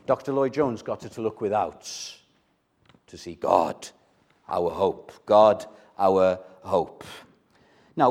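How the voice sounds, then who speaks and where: A man's voice: mid-range voice, a little mellow. An older man delivers a sermon with an emphatic, direct manner. He repeats key phrases for weight and keeps turning to his listeners with questions. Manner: direct, asks the congregation questions. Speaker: preacher.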